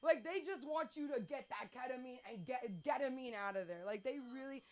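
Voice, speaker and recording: A woman's voice: high voice, fairly quick. A woman doing stand-up at an open mic, chatty and rambling, poking fun at herself as she hosts. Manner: chatty, rambling, self-deprecating. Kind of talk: stand-up comedy. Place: small comedy club stage.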